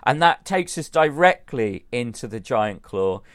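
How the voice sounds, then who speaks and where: A man's voice: mid-range voice, very animated, a little slow, smooth, no echo, studio quality. A man co-hosting a podcast, chatting enthusiastically in slightly formal phrasing. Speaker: podcast co-host. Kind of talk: casual podcast chat.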